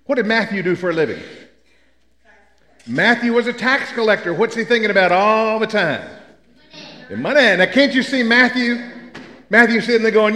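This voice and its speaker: High-voiced older preacher, echoing. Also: male voice, animated, normal speed, long pauses, bright, forceful tone. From Memphis. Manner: folksy storytelling with humor. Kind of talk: sermon. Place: church sanctuary. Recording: echoey church hall.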